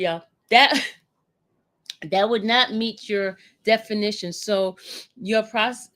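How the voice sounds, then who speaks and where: A woman reads a court transcript aloud at an unhurried, deliberate pace, stopping now and then as allergies make her cough and sniffle. Her voice sits in a mid range and is recorded dry and close, with no room sound. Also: mid-range voice, fairly bright tone, no echo. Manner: slow, deliberate reading with asides. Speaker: YouTube host reading a court transcript.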